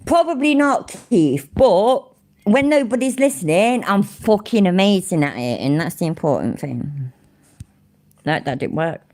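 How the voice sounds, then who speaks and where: A woman's voice: medium pitch, very animated, a little slow, a little mellow. A woman hosting a live stream, chatting and reacting with sweary, laughing, mock-offended banter. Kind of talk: casual live-stream commentary.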